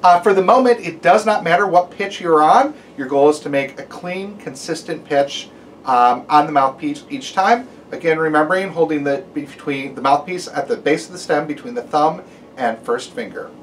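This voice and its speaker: A man's voice: a little high, normal speed, recorded from a distance, a little hiss or hum. A man teaching a guided brass lesson, giving step-by-step instructions and counting aloud, with some "um" and "uh" fillers.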